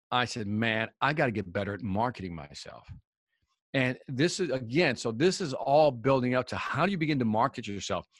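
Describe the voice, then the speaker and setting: Recorded dry without any room sound, this man speaks in a mid-range voice. He's a guest in an interview chat who tells stories in a casual, animated way, performing the dialogue of the people involved.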